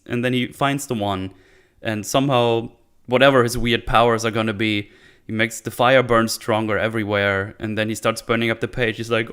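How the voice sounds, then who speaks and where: A man casually recapping a TV episode, sarcastic and swearing a lot, acting out characters in quick silly voices. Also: fairly low pitch, level tone, fairly bright tone, clean tone. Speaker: show host. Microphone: desk microphone on an arm.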